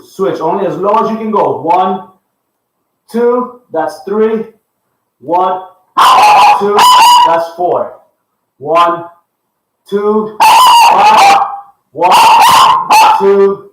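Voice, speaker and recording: A fitness coach leading a live workout, counting reps aloud and giving upbeat cues. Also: male voice, fairly high pitch. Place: home workout space with a dog. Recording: echoey room, far from the mic.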